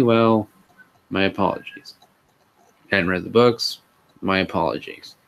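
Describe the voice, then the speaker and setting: A man hosting a sarcastic comedic live reading, with exasperated sighs and asides. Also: fairly low pitch. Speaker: host reading a fan fiction aloud.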